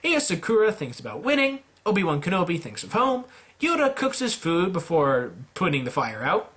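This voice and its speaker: A man doing casual, playful play-by-play commentary on a simulated game, with jokey asides and sudden jumps in pitch. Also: pushed and bright. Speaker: YouTuber narrating a simulator game.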